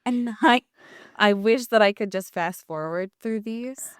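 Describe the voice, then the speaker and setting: A woman's voice: mid-range voice, a little slow, clear, resonant tone, no room sound, clean studio sound. A woman co-hosting a podcast, chatting casually and wryly about a show she watched. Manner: chatty, wry, sighs and laughs while recapping. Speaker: podcast co-host. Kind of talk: casual chat.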